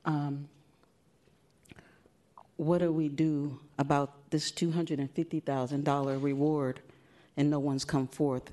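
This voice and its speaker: A grieving mother speaking at a podium during public comment at a city commission meeting, emotional and halting, often soft. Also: low-pitched. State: emotional, holding back tears.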